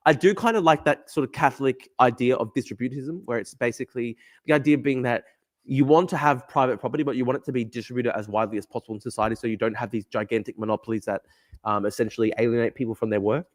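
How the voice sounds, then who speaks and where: A young man from Australia talks casually on a livestream, reading out viewer comments and riffing on them. His voice sits in a middle pitch, and he rambles, circling back and repeating his points. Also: quick pace. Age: young adult. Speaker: livestream host reading chat.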